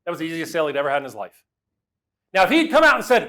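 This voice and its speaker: A middle-aged man giving a lively storytelling talk, swinging from loud to quiet as he acts out the voices he quotes. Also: a little high, rapid-fire. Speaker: speaker.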